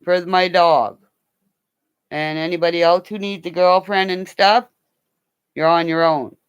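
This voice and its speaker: A woman's voice: fairly low pitch, fairly even intonation, unhurried, clean tone, no room sound, dull audio. An older woman signing off a livestream from home on her computer, rambling and joking crudely. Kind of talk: casual livestream sign-off chat. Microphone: computer mic.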